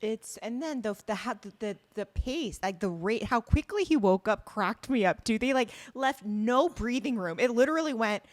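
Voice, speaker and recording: Young woman co-host, lively and incredulous, wide-ranging pitch, casual podcast chat. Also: moderate pace, few pauses.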